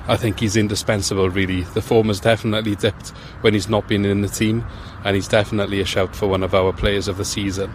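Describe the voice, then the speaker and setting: A man guests on a football podcast, speaking in a low, measured voice that pauses and restarts as he thinks. Clear outdoor noise and passing traffic sit under his voice, as if he recorded outside. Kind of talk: casual football chat.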